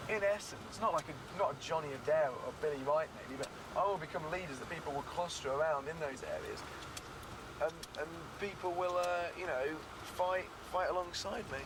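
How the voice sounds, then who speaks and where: A man's voice: on the high side, moderate pace, noisy background. A young man talking candidly to a documentary crew, boastful and laughing. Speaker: documentary subject. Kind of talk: candid talk to the camera.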